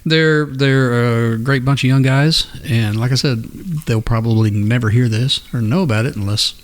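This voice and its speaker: A man's voice: mid-range voice, fairly even intonation, normal speed. A man co-hosting a casual podcast, talking in an easygoing, rambling way. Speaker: podcast co-host. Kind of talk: casual chat.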